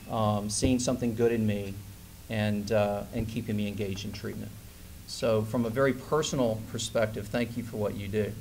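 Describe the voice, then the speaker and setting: A man in his forties giving a conference keynote, telling a personal story with lively, acted-out dialogue. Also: fairly low pitch, a little hiss or hum. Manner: animated storyteller who acts out quoted dialogue. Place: conference hall stage.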